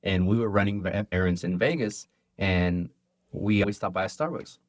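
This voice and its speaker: Lively low-voiced man telling stories. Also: normal speed, no echo, studio quality. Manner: animated storyteller acting out dialogue. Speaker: restaurant owner and cook. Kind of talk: casual interview chat.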